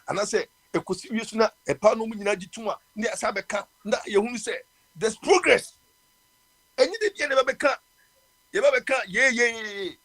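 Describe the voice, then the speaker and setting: A man's voice: sits high, a bit bright, breathy edge. A man with a Ghanaian accent hosting a live radio talk show, speaking passionately and mixing in English with many restarts. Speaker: radio host.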